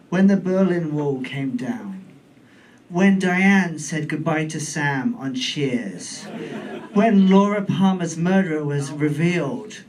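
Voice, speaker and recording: A British man in his forties performing a stand-up comedy set on a club stage, camp and playful with deadpan asides. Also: fairly high pitch. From United Kingdom. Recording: distant mic in comedy club, faint room noise.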